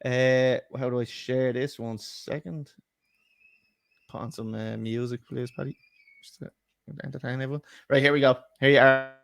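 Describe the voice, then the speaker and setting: A man's voice: medium pitch, fairly even intonation, normal speed, gravelly, long pauses, fairly bright tone, dry recording. A man co-hosting a football podcast, chatty and laughing, swearing freely in casual banter. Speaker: podcast co-host. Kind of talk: casual chat.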